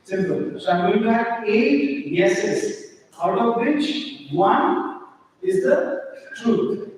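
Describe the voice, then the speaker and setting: A man runs a live stage act, bossing and teasing volunteers in a playful way. His voice sits high for a man. He is heard from a distance in a big, echoey hall with a long reverb tail. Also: slight background noise. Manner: playful, teasing, gives quick commands. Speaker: stage mentalist performer. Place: large indoor auditorium stage.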